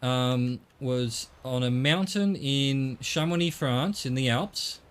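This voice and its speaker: A man's voice: medium pitch, takes it slowly, a little hiss or hum. Rambling middle-aged Australian man. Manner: rambling, chatty, corrects himself mid-sentence. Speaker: game streamer. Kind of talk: casual chat while gaming.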